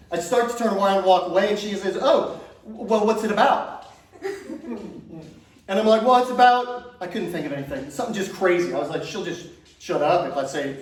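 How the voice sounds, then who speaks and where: Middle-aged man doing stand-up, high voice, chatty and self-mocking, laughs at his own lines, heard from a distance. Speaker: stand-up comedian. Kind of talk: stand-up comedy set. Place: large room on stage. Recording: echoey room from far off.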